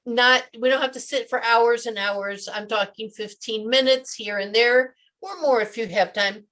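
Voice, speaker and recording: A woman's voice: on the high side, moderate pace, a bit bright. A woman speaking as a guest on a radio interview, telling stories in an upbeat, chatty way.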